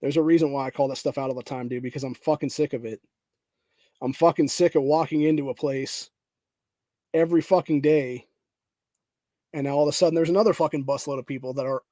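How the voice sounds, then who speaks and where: A man's voice: medium pitch, darkish tone, no room sound. A man hosting a political podcast, ranting angrily and profanely, often saying "dude", and reading headlines aloud. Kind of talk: angry political rant.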